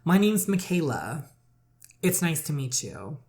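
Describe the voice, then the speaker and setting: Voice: medium pitch, big pitch swings, unhurried, darkish tone, pitched above the performer's own voice. Gamer reading a young woman heroine, teasing, casual, romance story game. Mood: playful.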